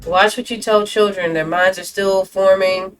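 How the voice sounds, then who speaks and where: A woman's voice: medium pitch, steady tone, normal speed, soft background music. A woman hosting a reaction video, gasping and exclaiming as she comments on clips.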